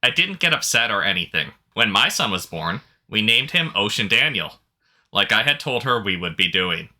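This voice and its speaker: A man with a low, strikingly bright and forceful voice reads out stories in a relaxed, easygoing way. He chuckles often as he co-hosts a casual chat. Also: normal speed. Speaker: podcast co-host reading posts.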